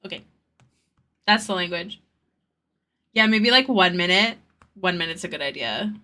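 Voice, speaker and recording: A woman's voice: lowish voice, lively intonation, moderate pace, pushed and bright. A woman chatting casually on her art live stream, thanking viewers and answering chat, with an occasional stutter. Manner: stutters at times.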